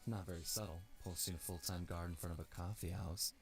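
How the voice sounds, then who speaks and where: Brief: deep-ish, hearty hippo muscle guy for a game, music under. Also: steady tone, a little fast. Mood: eager. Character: big strong friendly male hippo sidekick. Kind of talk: video game dialogue.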